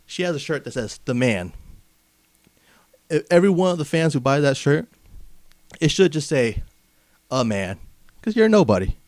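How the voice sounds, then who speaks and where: A man's voice: on the high side, sing-song, normal speed, pauses often, a little mellow, no echo, studio quality. A man from Southern California hosting a comedic wrestling podcast, brash and mocking, padding his rants with filler phrases. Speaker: podcast host.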